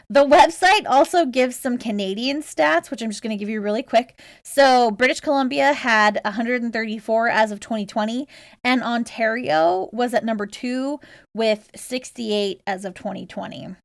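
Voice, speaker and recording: Chatty higher-voiced woman podcaster. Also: normal speed, dry recording, clean studio sound. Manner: chatty, laughs often, reads stats with fillers. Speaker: podcast co-host. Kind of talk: casual podcast chat, reading out research.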